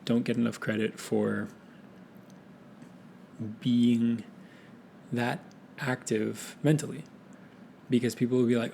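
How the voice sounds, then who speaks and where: Rambling young man with a gravelly voice. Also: mid-range voice, level tone, slow pace, pauses often, darkish tone, slight background noise. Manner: rambling, self-correcting, laid-back. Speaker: podcast host. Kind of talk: casual solo monologue.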